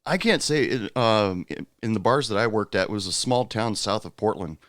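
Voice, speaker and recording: A man's voice: lowish voice, animated, moderate pace, a bit bright, no room sound, clean studio sound. A man hosting a podcast, chatting casually and swapping bar stories in a laid-back way. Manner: laid-back, lots of fillers, laughs along. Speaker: podcast host, former bartender.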